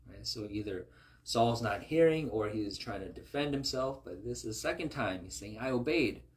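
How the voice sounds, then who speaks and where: A man's voice: on the low side, animated, normal speed. A man reading scripture aloud and explaining it in a conversational way, often checking in with his listeners. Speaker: Bible teacher.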